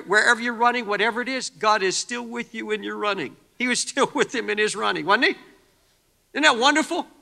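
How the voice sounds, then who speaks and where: A man preaching a sermon as pastor, impassioned, moving between hushed pleading and shouting. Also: high voice, vocal fry, long reverb tail.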